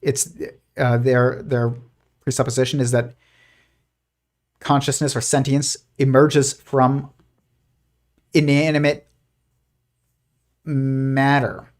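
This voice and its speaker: A man's voice: mid-range voice, level tone, takes it slowly, long pauses. Argumentative man hosting a live stream. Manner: rambling, with frequent restarts and fillers; argumentative, dismissive. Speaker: host.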